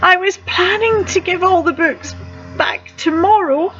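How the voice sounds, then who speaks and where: A woman's voice: extremely high pitch, a little slow, fairly bright tone, lo-fi sound, soft background music, pitched above the performer's own voice. A woman voicing a remorseful adult male book thief who sniffles as he apologizes, in a storybook reading.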